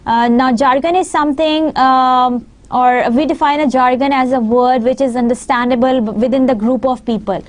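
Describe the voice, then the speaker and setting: Woman, high voice, lecturer, slide lecture, many fillers, repeats herself. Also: steady tone, normal speed, slight background noise. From Pakistan. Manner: frequent fillers, repeats phrases. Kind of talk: online lecture over slides.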